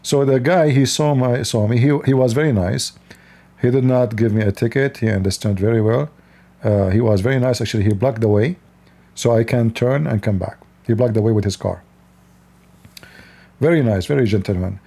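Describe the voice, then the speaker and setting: A man's voice: medium pitch, moderate pace, vocal fry, warm tone. A man from the East, hosting a livestream and giving blunt, lecturing advice with frequent laughs. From Middle East. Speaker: livestream host. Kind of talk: casual advice talk.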